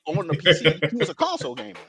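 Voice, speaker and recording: A man's voice: high-pitched, rapid-fire, creaky, crowd noise. A man hosting a casual podcast, telling stories emphatically and with a lot of profanity. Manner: animated, acts out quoted dialogue. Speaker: podcast host.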